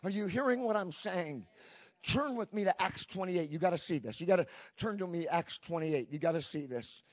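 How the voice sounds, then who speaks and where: Fervent high-voiced male preacher. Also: animated, normal speed, dry recording. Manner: fervent preaching with repeated "come on" call-outs; swings between shouting and hushed speech. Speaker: pastor. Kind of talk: sermon. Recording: dull lo-fi, dry sound.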